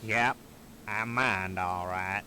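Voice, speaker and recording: A man's voice: fairly low pitch, fairly even intonation, takes it slowly, sharp tone, a little hiss or hum, exaggerated voice. An actor playing a curt, unfriendly man brushing off questions in a 1990s adventure game.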